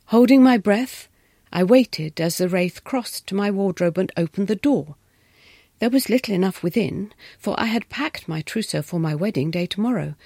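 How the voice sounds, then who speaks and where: A woman's voice: mid-range voice, dark tone, dry recording, studio quality. A woman narrating a story expressively, often dropping into a whisper.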